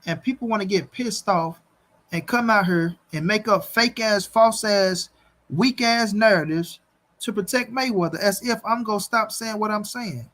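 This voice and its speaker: A man's voice: high voice, normal speed, a bit bright. A man hosting a boxing channel, talking bluntly and with lots of profanity straight to his viewers on a livestream, and repeating his points for emphasis. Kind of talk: livestream commentary rant.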